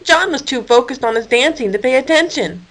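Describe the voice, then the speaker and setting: A woman reading a children's story aloud with a playful, expressive manner. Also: sits high, brisk, poor audio. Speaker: storybook reader.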